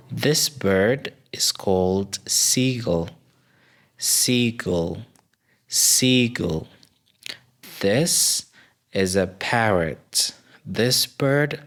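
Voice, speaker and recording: A man with a Somali accent leads an English vocabulary lesson. He talks at a very slow, careful pace, naming each word and repeating it. His voice sits a little low. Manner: names each word and repeats it slowly for learners.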